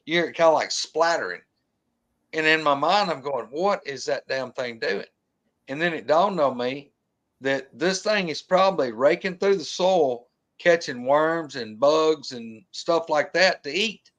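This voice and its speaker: A man's voice: on the high side, a little slow. Man telling a wild story. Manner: animated, colloquial, imitates sounds. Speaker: guest telling an encounter story. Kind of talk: casual storytelling.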